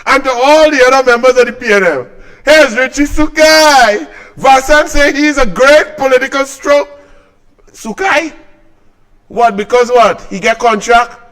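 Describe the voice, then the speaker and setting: A man with a Trinidadian accent and a strikingly high voice rants about politics, heaping on scorn and sarcasm. He talks like a combative commentator speaking straight to his audience. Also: a little slow, fairly bright tone. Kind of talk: political rant to camera.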